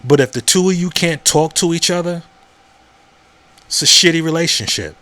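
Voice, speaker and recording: A man's voice: on the high side, normal speed, bright, forceful tone. Male podcast host, casual monologue, blunt and repetitive, conversational. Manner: conversational, repeats words and asks "you know what I'm saying?"; frank and profane.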